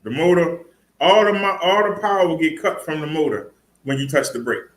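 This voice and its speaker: A man's voice: fairly high pitch, animated, brisk, roomy sound, rough recording. A man casually demonstrating an e-bike in a vlog, chatty, laughing and talking to his viewers. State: out of breath. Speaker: fitness and e-bike vlogger.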